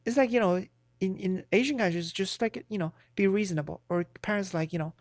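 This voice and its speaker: A woman's voice: medium pitch, fairly quick, darkish tone, no echo, studio quality. A woman livestreamer in casual chat, giving blunt, profane, rambling opinions.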